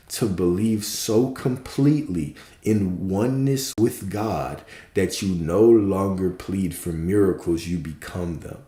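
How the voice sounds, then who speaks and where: A man's voice: deep voice, warm tone, roomy sound. A man giving a spiritual teaching talk as a coach, emphatic and preachy, with casual profane asides.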